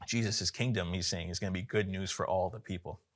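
A man preaching a sermon in a relaxed, conversational way, with frequent fillers and restarts. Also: low voice, brisk.

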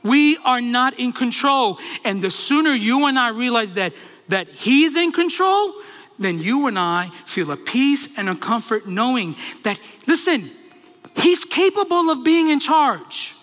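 A male pastor giving an animated, humorous sermon. His voice sits high and bright. It carries the long reverb of a church hall. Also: unhurried.

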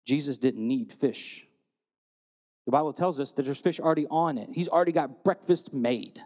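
A man preaching a sermon, telling stories and retelling scripture in a lively storytelling way. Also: fairly high pitch, moderate pace, in a large hall. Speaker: pastor.

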